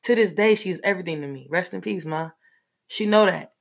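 A woman telling a personal story in a casual, animated way, full of fillers. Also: on the low side, fairly quick, vocal fry.

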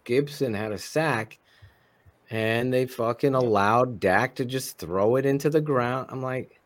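A man co-hosting a casual sports chat, animated and swearing freely. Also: mid-range voice, measured pace. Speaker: co-host.

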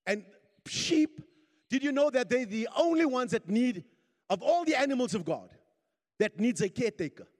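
High-voiced man preaching in an echoing hall. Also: big pitch swings, normal speed. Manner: call-and-response preaching, urging the congregation to repeat; rising to shouts at peaks. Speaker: pastor. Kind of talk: sermon. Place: church hall. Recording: long hall reverb.

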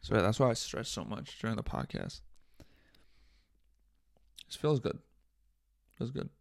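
A man's voice: fairly low pitch, huge pitch swings, measured pace, vocal fry, pauses often, no echo, studio quality. A man hosting a solo podcast in a casual, rambling, joking way, swearing often and talking to himself. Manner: rambling, joking, frequent swearing and self-talk. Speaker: podcast host.

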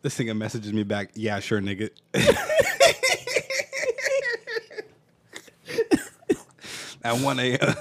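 A man's voice: on the low side, fairly quick, hardly any pauses. A young man co-hosting a casual talk show, telling a story in slangy, joking banter and teasing a friend.

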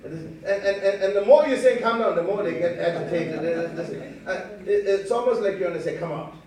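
A man's voice: high voice, fairly quick, a crowd in the background. A man preaching a sermon, earnest and repetitive, often restarting his words. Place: church hall. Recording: echoey hall from far off.

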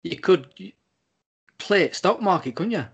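A man co-hosting a podcast in casual chat over a Skype call. He talks in an easygoing, halting way and laughs along. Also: high-pitched, animated, a bit bright, slightly rough. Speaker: podcast co-host.

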